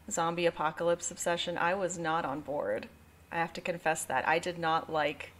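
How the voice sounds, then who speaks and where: A woman's voice: fairly low pitch, fairly bright tone, slight background noise. A woman in her twenties co-hosting a podcast who talks at length in a wry, sarcastic way and wanders onto side thoughts. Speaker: podcast co-host. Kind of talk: casual podcast chat.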